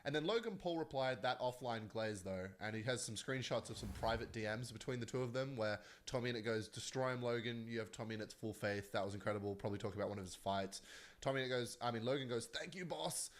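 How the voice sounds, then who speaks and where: A man hosts a casual commentary vlog in a middle-pitched voice. He rambles in an animated, chatty way and breaks into laughs as he goes. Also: fast talker. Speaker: commentary vlogger. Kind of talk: casual online drama commentary.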